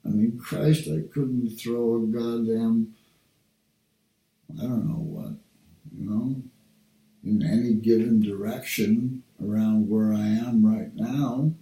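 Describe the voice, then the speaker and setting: An older man from Canada drawls through a rambling, cursing monologue at a very slow pace. He sits well back from the mic, and the room around him rings. His talk drifts and wanders from thought to thought. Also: on the low side, warm tone. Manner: rambling, profane, drawn-out. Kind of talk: rambling personal video monologue. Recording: roomy sound, distant from the mic.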